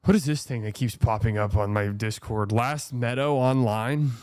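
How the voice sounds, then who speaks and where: Smooth-voiced joking male streamer. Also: mid-range voice, normal speed, darkish tone, no echo. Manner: joking, chatty, swears casually. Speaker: live stream host. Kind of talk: casual live stream watch-party commentary.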